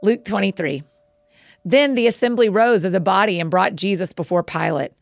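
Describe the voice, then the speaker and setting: A woman hosting a daily Bible-reading podcast, reading scripture aloud in an earnest, steady way. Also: medium pitch, a little fast, vocal fry, no room sound, soft background music.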